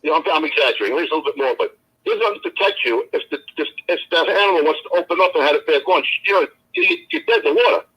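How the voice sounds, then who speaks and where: A man's voice: a little high, expressive, rapid-fire, slightly rough, muffled recording. A man co-hosting a casual live chat stream, telling stories in a tough-guy mobster manner. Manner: tough-guy mob banter, storytelling.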